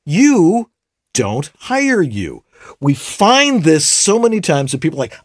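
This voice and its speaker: Guy cohosting a tech podcast, kinda husky, bouncy lively delivery, jokey asides. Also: on the high side, slow pace, no echo, clean studio sound. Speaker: podcast co-host reading listener questions. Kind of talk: casual tech chat.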